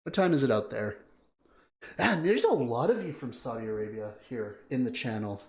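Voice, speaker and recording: A man hosting a live stream, chatting casually and excitedly. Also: mid-range voice, normal speed. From Canada. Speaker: live-stream reaction host. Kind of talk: casual live-stream chat, greeting viewers. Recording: roomy echo.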